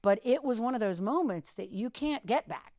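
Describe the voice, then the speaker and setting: Animated woman telling radio stories. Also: moderate pace, no echo, clean studio sound. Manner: animated storyteller, acts out quotes in a high voice. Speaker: radio host as podcast guest. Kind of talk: casual storytelling chat.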